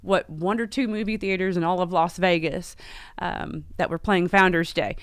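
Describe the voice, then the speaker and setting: A woman's voice: on the low side, steady tone, moderate pace, clear, resonant tone, no echo, studio quality. Chatty woman hosting a live stream. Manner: chatty, rambling with many fillers and self-corrections. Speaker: livestream host. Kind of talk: casual live-stream chat. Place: home in Las Vegas.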